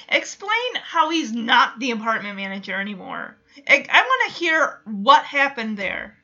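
Woman, high bright voice, exasperated TV recap, talks to viewers, slightly dull sound. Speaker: reaction video host. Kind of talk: casual TV episode recap and reaction.

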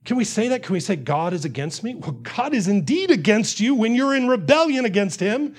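A man's voice: extremely high pitch, animated, fairly quick. A man preaching a sermon, earnest, repeating phrases and acting out the quotes he reads.

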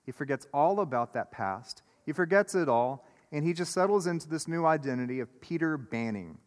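Man, pastor, sermon, earnest repeated phrases, casual asides, high-ish voice, long church echo. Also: animated, fairly quick. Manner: earnest preaching with repeated phrases, turning casual and chatty with the congregation. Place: church sanctuary before a congregation. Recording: echoey church hall.

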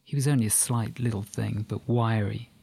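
A man narrating an audiobook in an even, measured reading. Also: on the low side, creaky, husky.

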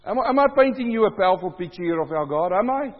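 A high-pitched male pastor preaches a booming sermon, his voice swelling loud as he reads scripture to the congregation with lively intonation and a fast pace. The audio is dull and lo-fi, with a long reverb trailing each phrase.

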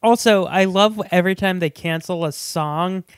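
High-pitched and speaking at a normal speed, this podcast co-host jokes through a casual conversation about a film, acting out the characters' lines in goofy voices. There's slight background noise.

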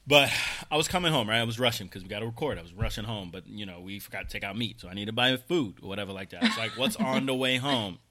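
A man in his thirties co-hosting a casual chat show, telling an animated story and swearing freely. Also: fairly low pitch, fast, hardly any pauses. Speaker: podcast co-host.

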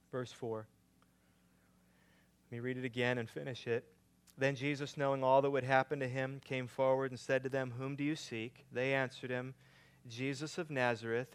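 A man preaching a sermon, swinging between loud emphatic lines and quiet hushed ones. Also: medium pitch, level tone, fairly quick, smooth. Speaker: pastor.

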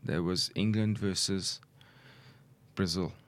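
A middle-aged former football referee, relaxed and anecdotal, telling stories in a conversational interview. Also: male voice, low-pitched, slow. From South Africa. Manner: relaxed, anecdotal, chuckles while recounting. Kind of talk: conversational storytelling.

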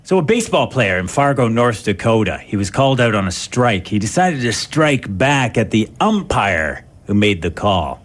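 Lively-voiced male radio co-host. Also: fairly low pitch, normal speed, few pauses. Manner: animated, laughs at his own jokes. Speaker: radio morning show co-host. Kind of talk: joking morning radio banter.

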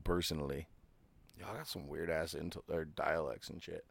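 A man's voice: rumbling low, steady tone, moderate pace, vocal fry, slightly rough. A young man from Michigan co-hosting a podcast, joking and swearing through loose banter. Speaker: podcast co-host. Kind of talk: casual chat.

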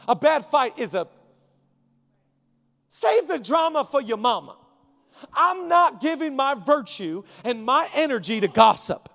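A man preaching from a church stage with a strikingly high voice. He drives his points home through rhythmic repetition, rising to shouts and then dropping to a near hush, while a long reverb trails through the auditorium. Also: sing-song, normal speed. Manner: impassioned preaching, swinging from shouting to hushed. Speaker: pastor. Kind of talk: sermon.

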